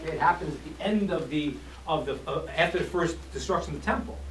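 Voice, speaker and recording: Here a teacher addresses a live audience informally at a slightly quick pace in a medium-pitched voice, acting out quotes and trading jokes with the room in an animated manner. Captured on a distant mic, the audio has room echo and faint hiss.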